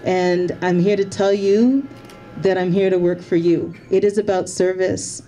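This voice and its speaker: This Canadian-born member of parliament addresses event volunteers with heartfelt, slightly emotional thanks, saying thank you more than once. She speaks at a measured pace in a lowish, mellow, steady voice.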